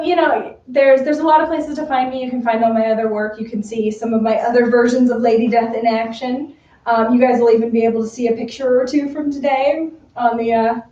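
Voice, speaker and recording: A giggly, chatty woman talks casually about her cosplay work, her voice a touch high and soft-edged. She sounds far from the mic, in an echoey room, and the audio is dull like a livestream. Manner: chatty, giggly, many fillers. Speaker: cosplay model. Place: room with a bar.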